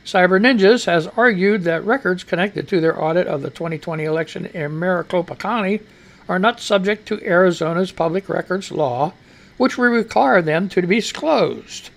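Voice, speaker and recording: A man's voice: high-pitched, animated, normal speed, creaky. A middle-aged American man hosting a live radio news show, rambling and profane, talking back to himself as he reads the news. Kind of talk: casual live-stream news commentary.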